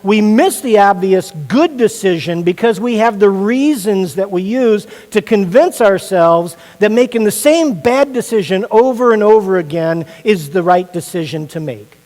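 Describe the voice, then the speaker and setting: A man's voice: high voice, animated, normal speed, hardly any pauses, darkish tone, big-room sound, low-quality recording. A male pastor from Indiana preaching a sermon in a joking, conversational storytelling way.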